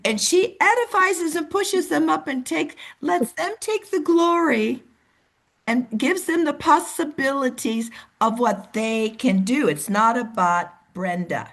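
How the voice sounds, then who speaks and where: A woman leading a team meeting over a video call. She coaches in an animated way and acts out the voices of the people she describes. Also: a little high, measured pace. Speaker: team leader. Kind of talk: motivational coaching talk.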